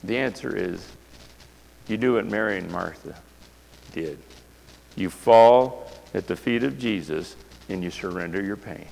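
A man's voice: sits low, unhurried, creaky, long pauses, darkish tone. A male pastor preaching a sermon with passion, throwing rhetorical questions at the congregation. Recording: long reverb of a large hall.

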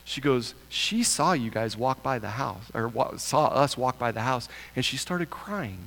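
A man telling a lively testimony about a mission trip, acting out the people he met in his story and laughing often. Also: medium pitch, a little slow, vocal fry. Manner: animated storyteller, acts out quoted voices, laughs often. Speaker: church member sharing a mission testimony. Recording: long hall reverb.

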